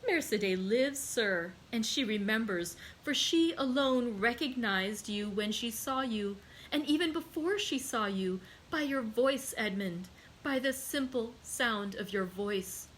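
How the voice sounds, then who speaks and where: A woman's voice: on the high side, lively intonation, unhurried, a bit bright, slight background noise, rough recording. Mercédès, a woman voicing a pleading noblewoman. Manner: pleading, raised and impassioned.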